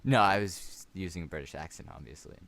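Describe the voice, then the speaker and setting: A young man co-hosting a casual podcast, carrying an improvised story forward with playful, deadpan teasing. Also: sits low, a little fast, vocal fry. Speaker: podcast co-host.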